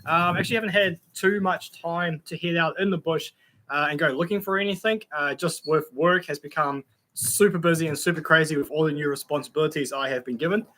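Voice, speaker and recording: A man's voice: fairly high pitch, fairly quick, bright, forceful tone. A young Australian man hosting a casual live stream, chatting in a friendly way with many fillers and greeting viewers by name. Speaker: YouTube channel host reading live chat.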